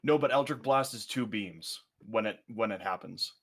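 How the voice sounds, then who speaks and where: A player in a tabletop game, talking about rules in a relaxed way. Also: medium pitch, moderate pace, breathy edge. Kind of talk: casual tabletop play.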